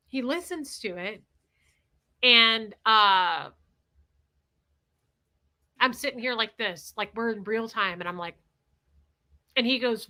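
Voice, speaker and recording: Brief: candid, blunt woman streamer, bright and a little high. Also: animated, a little slow. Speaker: livestream host. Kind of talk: casual storytelling livestream.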